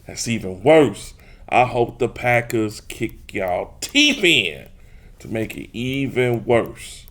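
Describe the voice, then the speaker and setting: A man hosts a casual sports talk show. He teases and brags at rival fans, talking straight to the listeners at a medium pitch. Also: sing-song, slow, a bit bright. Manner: teasing, boastful, talks straight to listeners. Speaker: podcast host.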